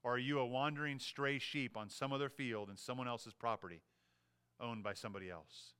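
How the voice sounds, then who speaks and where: Male pastor, earnest preacher, bright crisp voice, moves between emphatic and hushed. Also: mid-range voice, fairly even intonation, a little fast. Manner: earnest preaching, rising to emphatic peaks, dropping to hushed quiet. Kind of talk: sermon.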